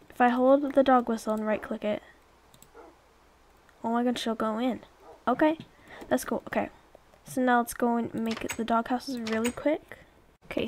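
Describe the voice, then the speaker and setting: Young woman, fairly high voice, rambling casual gameplay commentary, exclaims often. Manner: chatty and rambling, coaxing pets, exclaiming. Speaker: let's play YouTuber.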